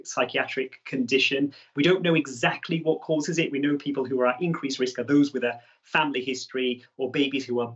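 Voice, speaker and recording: A man explaining a medical condition in a measured, informative way. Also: medium pitch, fairly bright tone, dull audio. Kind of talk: explanatory talk.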